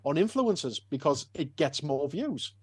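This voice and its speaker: A man talks loosely and at length about running his convention, tripping over restarts and "like" fillers. His voice sits a little high for a man and sounds dry and close to the mic. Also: big pitch swings, normal speed, a little mellow, breathy edge, no room sound. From North East England. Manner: rambling, with many restarts and "like" fillers. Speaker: convention organiser, podcast guest. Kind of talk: casual podcast chat.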